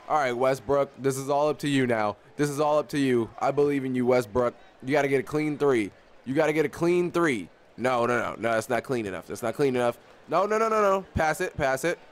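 Excitable young man narrating his game. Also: medium pitch, slight background noise. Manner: excitable, talks to players on screen, repeats himself. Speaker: gaming YouTuber. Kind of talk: live gameplay commentary.

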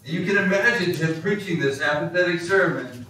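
Animated male pastor in echoey church. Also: on the high side, normal speed, slight background noise. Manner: animated, storytelling preacher. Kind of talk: sermon. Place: church sanctuary. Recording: echoey hall, distant mic.

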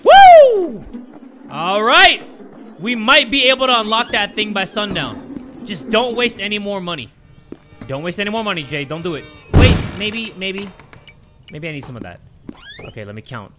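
A young man giving excited gameplay commentary, swearing often and talking to his viewers, swinging between hyped yelling and muttered counting. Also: high voice, normal speed, over music. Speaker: gaming YouTuber.

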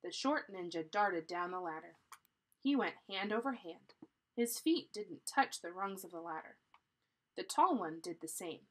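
A woman reading a children's chapter book aloud in a deliberate, teacherly way, pausing to explain. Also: lowish voice, lively intonation, rough recording. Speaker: storybook reader.

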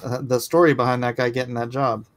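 A man casually telling a rambling story with halting restarts. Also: mid-range voice, little pitch movement. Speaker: co-host.

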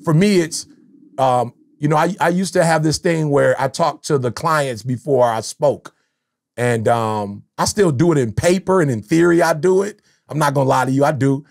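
A middle-aged man hosts a podcast, his voice pitched high with a gravelly edge. He tells his stories in an animated, slangy way. It sounds like a relaxed studio conversation. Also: normal speed. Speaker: podcast host, motivational speaker. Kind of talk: casual podcast chat.

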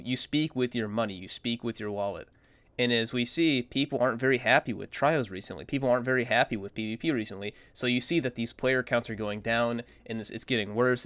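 A man's voice: medium pitch, fairly bright tone, no room sound. A man giving casual, rambling opinion commentary as a gaming content creator, blunt and dismissive.

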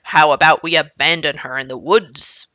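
A grumpy, stubborn father from a children's storybook, low-pitched and deliberate, as a woman reads him aloud. He speaks in stern, clipped lines with a bright, forceful edge. The voice is dry and close. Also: no room sound, lo-fi sound. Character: grumpy stubborn father, middle-aged man. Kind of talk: reading a children's book aloud.

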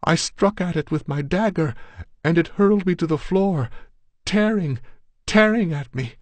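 A man voicing a terrified young noblewoman who whimpers frantically as she tells of being attacked in the dark. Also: fairly high pitch, measured pace, no room sound, pitched above the performer's own voice. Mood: whimpering terror.

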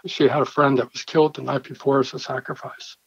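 A man with a mid-range voice, a pastor recounting a dramatic story in an earnest, storytelling way, lively in how he voices the people he quotes. The sound is dry and close, with a dull, slightly lo-fi edge. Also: medium pitch, fast talker, gravelly, slightly rough, no echo. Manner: earnest, vivid storyteller who acts out his own quoted dialogue. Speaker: church pastor. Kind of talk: personal storytelling in an interview.

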